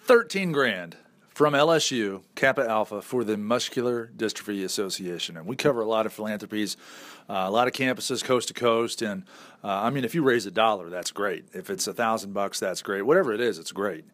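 A man's voice: lowish voice, fairly quick, a bit bright. A man with a Northern accent hosting a radio interview show in an upbeat, joking manner.

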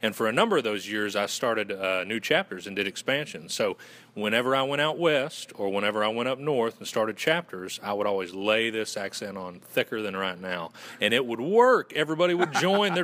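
A man's voice: mid-range voice, animated, fairly quick, a bit bright. A man from Western North Carolina with a Southern accent, an easygoing, folksy interview guest. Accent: Southern American. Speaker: guest, fraternity communications director. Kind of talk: conversational interview.

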